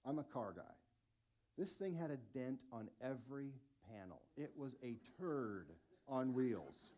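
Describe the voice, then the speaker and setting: A man in his forties preaching a sermon as lead pastor, telling stories in an animated, self-mocking way. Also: mid-range voice, a little slow.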